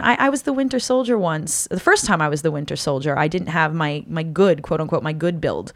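A woman in her thirties telling animated stories in casual conversation, often breaking into laughter. Her voice sits low with a gravelly fry. The sound is dry and close. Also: brisk, hardly any pauses, no echo. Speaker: cosplayer guest. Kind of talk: casual podcast chat.

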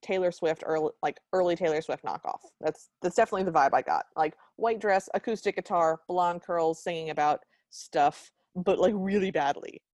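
A woman's voice: lowish voice, moderate pace, few pauses, a little mellow, no room sound. Sarcastic woman podcaster, dry close sound. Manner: sarcastic, exasperated ranting. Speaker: podcast co-host. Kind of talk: casual chat recapping a film.

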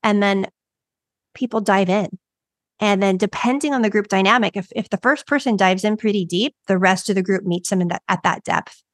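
A woman's voice: mid-range voice, normal speed, dry recording, studio quality. A woman co-hosting a coaching podcast, explaining her methods step by step in a reflective way. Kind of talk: casual podcast conversation.

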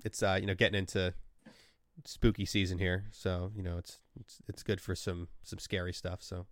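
A man hosting a casual podcast chat, relaxed and loose, with many fillers and restarts. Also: sits low, normal speed, no room sound, clean studio sound. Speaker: podcast host.

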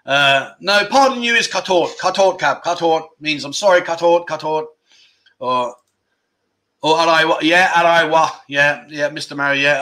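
A chatty middle-aged man hosting a relaxed livestream from home. His voice is bright and sits a little high, and he rambles, stops mid-sentence and chuckles at his own mix-ups. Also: normal speed. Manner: chatty, self-interrupting, laughing at his own slips. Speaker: livestream host. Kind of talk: casual livestream chat.

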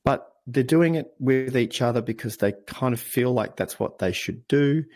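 An Australian man speaking as a podcast guest, telling stories in an earnest, animated way. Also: mid-range voice, normal speed. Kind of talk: conversational interview.

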